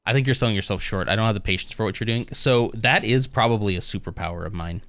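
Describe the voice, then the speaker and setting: A man's voice: on the low side, quick pace, a bit bright, dry recording. A man streaming live, chatting casually with viewers in a rambling, easygoing way with lots of fillers.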